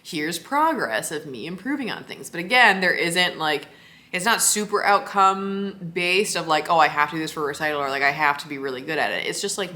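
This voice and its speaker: Bright-voiced chatty young woman vlogger. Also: deep voice. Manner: chatty, rambling, frequent "like" and laughs. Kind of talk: casual talk to camera.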